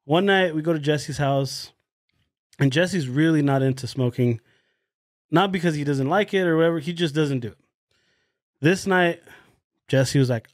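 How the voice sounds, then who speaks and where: A young man co-hosting a casual podcast tells a wild story with a fairly high voice at a moderate pace, pausing often. He's an animated storyteller who swears freely and laughs his way through it. The sound is clean studio quality with no echo.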